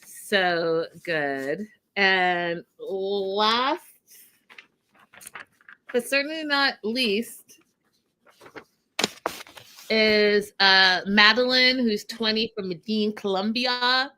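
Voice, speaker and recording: This is a woman with a bright, forceful voice who talks at a slow, unhurried pace. She recaps reality TV in a casual, animated way, laughing along and calling the audience y'all. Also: mid-range voice.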